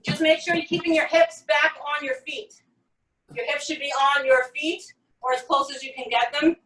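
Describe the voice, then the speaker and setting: A woman coaching a workout at home counts reps and delivers upbeat, step-by-step prompts. She has a high voice with a steady tone, a moderate pace, and a slight brightness, recorded from afar in a reverberant room.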